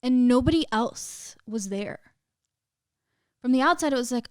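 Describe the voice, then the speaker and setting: Unhurried and expressive, a young woman with a fairly high voice speaks as a podcast guest about a painful part of her life. The chat is casual and emotional, packed with "like" and some cursing, recorded dry with clean studio sound.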